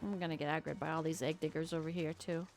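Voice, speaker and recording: A woman streamer giving chatty, casual commentary while playing a game and reacting out loud. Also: sits low, level tone, fast, faint music behind.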